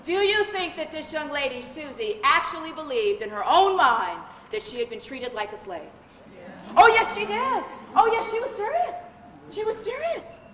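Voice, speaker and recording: A woman attorney giving a live training seminar, animated and humorous, quizzing the audience with questions. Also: high voice, normal speed, some chatter behind. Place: event hall with a live audience. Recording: echoey hall, faint noise.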